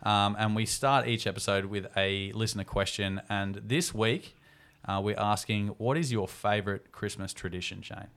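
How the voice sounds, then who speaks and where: A man's voice: fairly low pitch, steady tone, moderate pace, a bit bright, clear, resonant tone. A man with an Australian accent hosting a casual podcast chat, bantering loosely and swearing freely. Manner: laid-back banter, swears and laughs often. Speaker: podcast host.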